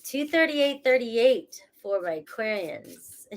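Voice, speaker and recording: A woman's voice: fairly high pitch, expressive, takes it slowly. A woman with a cold, a tarot reader who gives a casual, rambling reading and laughs at herself as she talks. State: has a cold.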